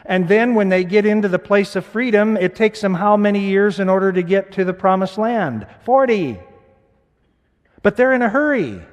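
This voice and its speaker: A male pastor preaching a sermon, moving between loud, emphatic scripture reading and hushed, quiet reflection. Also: sits high, normal speed. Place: church sanctuary. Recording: church sanctuary with long reverb.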